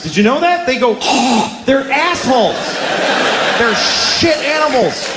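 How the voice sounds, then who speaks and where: A middle-aged man doing a stand-up comedy set, ranting and profane, with sudden mock-outraged yells. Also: very high voice, noisy background. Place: large theater stage before a laughing audience. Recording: roomy live venue with loud crowd.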